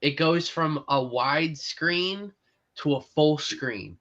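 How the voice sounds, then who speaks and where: An eager man jumps into a movie chat, tripping over his words as he gushes about the shots. His voice is bright and a little high, and the recording sounds slightly dull. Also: slow pace. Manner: enthusiastic, stumbles and restarts. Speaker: movie reviewer co-host. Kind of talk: casual film discussion.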